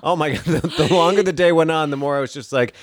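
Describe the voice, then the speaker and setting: A man telling a funny story in casual chat, animated, lifting into higher, sillier voices when he quotes people. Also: fast, no room sound, clean studio sound.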